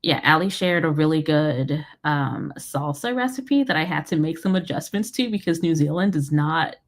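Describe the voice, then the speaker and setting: A woman's voice: low-pitched, lively intonation, moderate pace. An American woman hosting a casual livestream. She rambles with lots of fillers and laughter. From United States. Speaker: livestream host.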